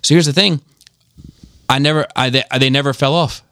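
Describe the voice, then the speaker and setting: A man's voice: medium pitch, steady tone, brisk, bright, forceful tone, smooth, no room sound, studio quality. A man hosting a casual podcast chat, talking in a rambling, emphatic way and often restarting his sentences. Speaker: podcast host.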